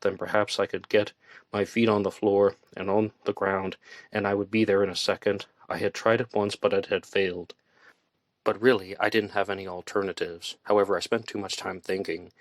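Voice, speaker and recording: A man reading a first-person thriller audiobook in a tense, measured storytelling manner. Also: sits low, no echo. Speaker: audiobook narrator.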